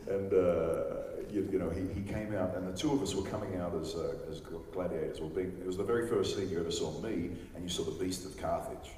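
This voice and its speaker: Low-voiced man telling stories in an echoey hall. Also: steady tone, a little fast, few pauses, mellow, slight background noise. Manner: chatty, laughs often, acts out other people's lines. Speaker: celebrity panel guest. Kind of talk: anecdotal storytelling to a live audience. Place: large convention hall. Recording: echoey hall recorded from far off.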